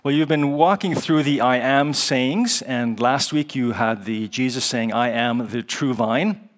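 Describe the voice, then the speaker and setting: A man's voice: medium pitch, unhurried. Conversational male chapel preacher. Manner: conversational, with ums, chuckles and spelled-out Hebrew letters. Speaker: guest chapel speaker. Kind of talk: chapel sermon with prayer and Bible teaching. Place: college chapel.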